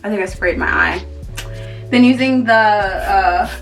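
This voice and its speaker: A woman's voice: mid-range voice, a little slow, vocal fry, recorded from a distance, soft background music. A woman chatting casually to camera as a beauty vlogger, rambling with lots of fillers.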